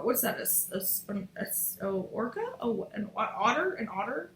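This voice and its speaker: Casting note: bright, blunt woman, casual tarot reader, echoey room, faint hiss. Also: mid-range voice, animated, brisk. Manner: chatty, blunt, swears freely. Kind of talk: casual tarot reading to camera.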